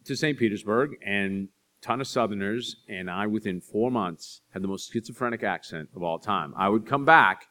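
A middle-aged man, an author, answering audience questions with chatty, self-deprecating stories and quick asides. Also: fairly low pitch, pushed and bright. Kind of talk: live Q&A storytelling.

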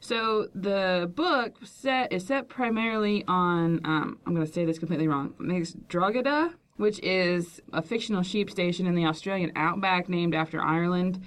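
A woman's voice: on the low side, normal speed, hardly any pauses. A woman co-hosting a podcast, chatting casually about a book she recommends and laughing easily. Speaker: podcast co-host.

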